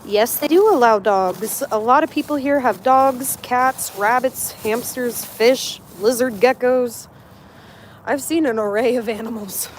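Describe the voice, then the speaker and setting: A young woman hosts a casual livestream while walking her dog outdoors around a residential complex, slipping into baby talk with the dog. Her voice is a little high and a little slow, with a faint hiss or hum.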